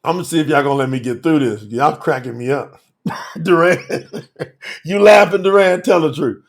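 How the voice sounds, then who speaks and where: A man's voice: fairly high pitch, moderate pace. A man teaching scripture on a live telethon, preaching with exuberant commentary, laughing often and calling out viewers by name.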